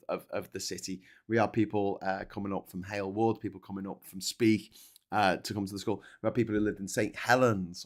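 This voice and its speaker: A man hosts a relaxed livestream. He reads out headlines and drifts into rambling, jokey asides, swearing now and then as he replies to viewers' comments. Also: lowish voice. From Liverpool, England. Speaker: show host. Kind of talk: casual livestream chat reading newspapers.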